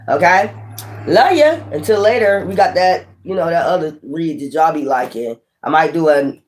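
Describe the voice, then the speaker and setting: A tarot reader giving a casual spiritual monologue, preachy and excitable, swearing often, laughing, and rambling with frequent restarts. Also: medium pitch.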